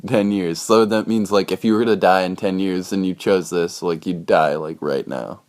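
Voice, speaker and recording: A man's voice: low voice, fairly even intonation, moderate pace, darkish tone. A young man co-hosting a casual podcast, chatty and loose, laughing and swearing as he asks questions. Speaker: podcast co-host. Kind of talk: casual chat.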